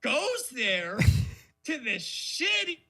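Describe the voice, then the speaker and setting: Man, podcast co-host, casual chat, profane mocking rant, lively pitch, husky. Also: drawn-out words, faint music behind.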